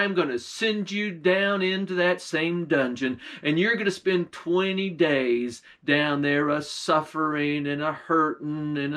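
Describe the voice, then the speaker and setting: A man's voice: fairly high pitch, fairly bright tone. A man voicing a kindly king made young by magic, earnest and scolding in folksy speech.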